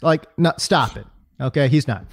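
A man's voice: mid-range voice, moderate pace, vocal fry, husky. A man talking sports casually as a podcast co-host, ranting with lots of fillers and repeated words. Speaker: fantasy football podcast co-host.

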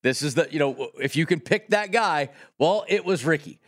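Brief: talkative man with a West Coast American accent, slightly high voice, casual co-host. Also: lively intonation, moderate pace. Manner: rambling, lots of restarts. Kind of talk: casual sports-betting chat.

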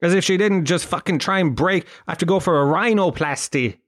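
A man's voice: high-pitched, brisk, fairly bright tone. Irish man, swearing comic rambler. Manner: profane, self-mocking storyteller. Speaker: podcast host.

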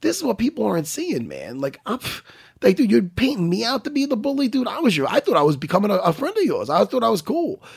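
A man's voice: high voice, fast, gravelly, breathy edge. A middle-aged man in casual podcast chat, swearing freely and restarting his sentences. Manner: animated, swearing, restarts a lot. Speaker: podcast co-host.

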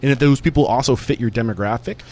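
A man hosting an interview, energetic and affirming, asking long, winding questions. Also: medium pitch, fast. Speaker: interview host. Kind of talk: conversational podcast interview.

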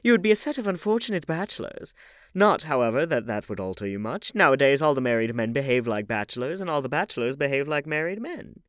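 A man reading an audiobook, voicing an elderly aristocratic hostess in a high, emphatic falsetto. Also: animated, fast talker, dry recording, studio quality, lightly acted. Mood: scandalized gossip. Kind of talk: audiobook character voice.

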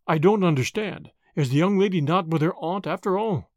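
A man's voice: high voice, fairly quick, no echo, studio quality, natural voice. A man reading the part of a polite, bewildered doctor who speaks hesitantly. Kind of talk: audiobook character reading.

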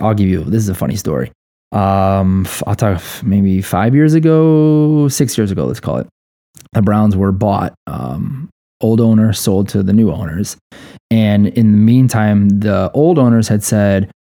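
A man's voice: lowish voice, mellow. A man in his thirties from Cleveland, telling a profane, laughing story in casual podcast chat. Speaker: podcast guest, coffee company co-founder.

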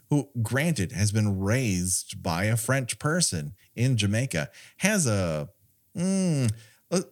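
A man co-hosting a podcast, riffing on a movie in a wry, sarcastic way and laughing often. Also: fairly low pitch. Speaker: podcast co-host. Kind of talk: casual movie riffing chat.

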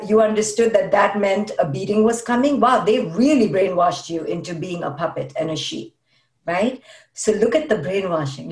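A woman's voice: mid-range voice, darkish tone, distant mic. Emphatic woman speaking from off-mic. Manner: emphatic, repeats words for stress. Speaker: guest speaking on parenting. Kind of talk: conversational podcast talk. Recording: roomy sound, voice off-mic.

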